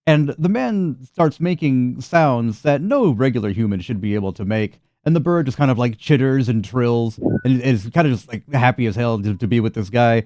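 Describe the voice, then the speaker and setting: A male game master narrates a tabletop game in a loose, chatty way, often breaking into laughter. His pitch moves a lot, and the sound is dry and close. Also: animated, moderate pace, few pauses, a little mellow, no echo.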